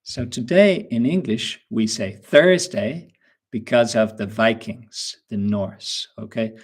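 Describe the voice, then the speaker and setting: Male teacher, husky voice, slow and patient, quizzing an online class. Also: lowish voice. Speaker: English teacher. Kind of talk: live webinar lesson.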